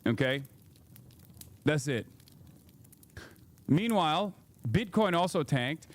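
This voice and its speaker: A man's voice: on the high side, slow pace. A man in his thirties rants through casual political commentary on a live stream, swearing freely and speeding up when he gets worked up. His voice sits a bit above the usual for a man. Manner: profane, ranting, animated.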